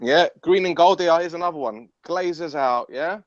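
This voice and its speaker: A high-pitched young man argues hard, blunt and full of swearing, circling back to the same phrases. The audio is dry and close, with a dull, muffled tone. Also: normal speed, no room sound. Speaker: football fan pundit. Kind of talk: heated casual football debate. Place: his mum's house.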